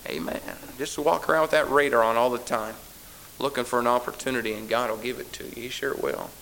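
A man's voice: medium pitch, fairly even intonation, a little fast, pushed and bright, poor audio. Emphatic, sarcastic preacher man. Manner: emphatic, teasing sarcasm, repeats phrases for effect. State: tired. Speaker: pastor. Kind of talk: sermon.

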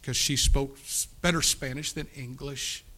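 A man preaching, telling a personal story in a sermon, earnest and pleading, his voice swinging from loud to hushed. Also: mid-range voice, fairly even intonation, unhurried. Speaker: pastor.

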